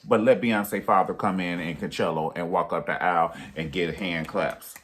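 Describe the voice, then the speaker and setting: Animated man telling stories, slightly low voice. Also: moderate pace. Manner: animated storytelling, acts out quotes in high voices. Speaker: YouTube reviewer. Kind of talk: casual review vlog.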